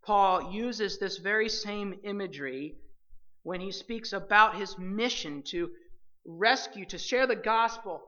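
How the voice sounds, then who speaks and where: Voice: mid-range voice, unhurried, bright, forceful tone, dull audio. A preacher delivering a sermon with emphatic, direct address to the listeners as believers.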